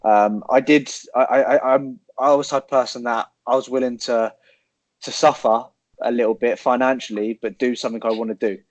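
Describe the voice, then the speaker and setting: A man in his twenties, a guest telling his story in relaxed casual chat, rambling and swearing. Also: mid-range voice, fairly quick, dry recording. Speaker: podcast guest, online coach. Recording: dull, dry lo-fi sound.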